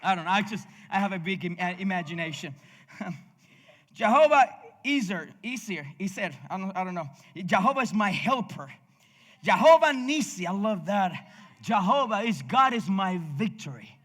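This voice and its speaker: Spanish-accented male pastor, fervent rhythmic preaching, bright tone, long church reverb. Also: sits high, expressive, moderate pace. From Cuba. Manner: passionate, rhythmic preaching with frequent restarts and laughter. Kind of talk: sermon. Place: church sanctuary.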